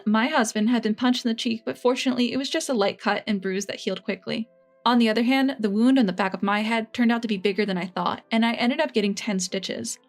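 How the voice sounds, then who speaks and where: A woman narrating a first-person family story in an even, measured way. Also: a little high.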